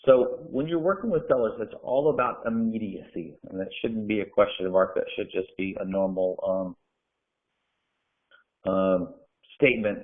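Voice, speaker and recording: A man's voice: deep voice, normal speed, pauses often. A man giving direct, coaching real estate training, firing off rhetorical questions. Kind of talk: instructional talk to camera. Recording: phone-like narrow sound.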